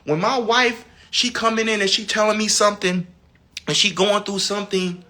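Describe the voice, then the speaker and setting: A man giving a casual spiritual talk, dramatic and animated, sometimes dropping to a low hush. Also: moderate pace. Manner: animated, dramatic swings from loud high to low hushed. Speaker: spiritual teacher.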